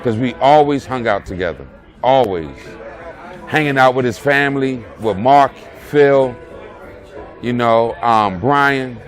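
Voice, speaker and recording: A man with a medium-pitched voice speaks unhurriedly, giving a rambling, streetwise tribute as a close friend. His casual spoken memories are loose and full of "you know what I'm saying," with music and crowd chatter in the background.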